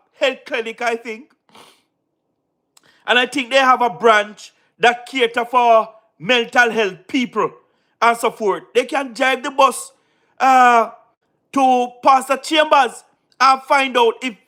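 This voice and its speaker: High, bright-voiced Jamaican man mocking. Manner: mocking, laughs often, repeats phrases. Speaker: online political commentator. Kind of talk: casual commentary.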